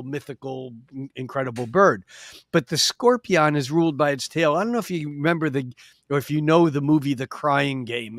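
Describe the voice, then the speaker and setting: On a casual podcast, an astrologer guest speaks in a slightly high, somewhat bright male voice, captured dry and clean on a studio podcast mic. His explanations run long and expansive, storytelling style, with many restarts.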